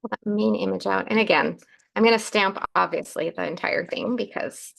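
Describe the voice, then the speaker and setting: A woman hosting a live card-making demonstration chats casually through each step as she works. Her mid-range voice is still groggy from the morning, gravelly with plenty of fry, a bit bright, and moves at a moderate pace.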